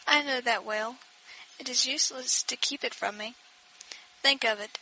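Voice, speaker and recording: A woman's voice: fairly high pitch, moderate pace, bright, forceful tone, a little hiss or hum, rough recording. A woman voicing a dying young girl. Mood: weak, resigned. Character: dying eighteen-year-old girl, calm and weak.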